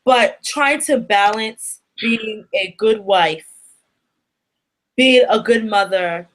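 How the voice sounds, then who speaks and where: Expressive woman hosting a chat show. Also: medium pitch, takes it slowly, poor audio. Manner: expressive, speaks straight to the audience. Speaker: talk show host. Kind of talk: casual chat addressing the audience.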